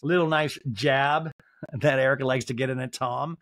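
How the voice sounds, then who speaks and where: A man hosting a podcast, recapping reality TV in an animated, crude comic style and laughing at his own jokes. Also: mid-range voice, normal speed. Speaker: podcast host.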